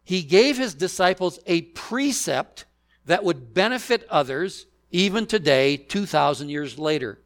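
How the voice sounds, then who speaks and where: A man preaching a sermon, deliberate and emphatic, asking the congregation rhetorical questions. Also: high voice, fairly bright tone. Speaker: pastor.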